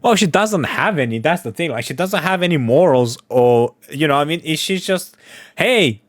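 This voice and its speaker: A man's voice: on the high side, animated, moderate pace, no room sound. A man giving casual, profane reaction commentary, peppering his talk with "bro" and laughing often. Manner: slangy, profane, laughs a lot, says "bro".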